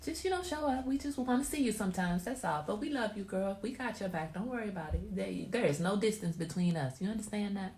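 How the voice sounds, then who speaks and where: A woman's voice: mid-range voice, fast talker, few pauses, darkish tone. A woman hosting a casual livestream, chatty and emphatic, giving motherly advice to viewers. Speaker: host. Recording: roomy echo.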